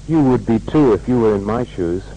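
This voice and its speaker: A man playing a gloomy man whose car broke down, in a scripted language-course dialogue, with a plain, measured delivery. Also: lowish voice, lively intonation, mellow, a little hiss or hum, low-quality recording. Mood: glum.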